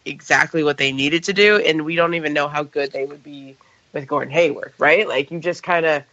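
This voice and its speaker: A woman's voice: deep voice, fairly quick, fairly bright tone, no room sound, dull audio. A woman co-hosting a basketball podcast, chatty and opinionated, peppering her talk with "like" and "right?". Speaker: podcast co-host. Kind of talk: casual sports talk.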